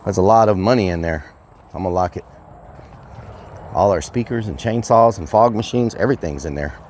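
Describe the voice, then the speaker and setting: A man with a drawl chats loosely and excitably to his viewers, calling out to them as y'all. His voice sits a little on the low side. Faint outdoor noise runs under the phone recording. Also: fairly quick. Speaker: livestreamer. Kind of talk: casual outdoor livestream chat. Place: outdoors at a rural property.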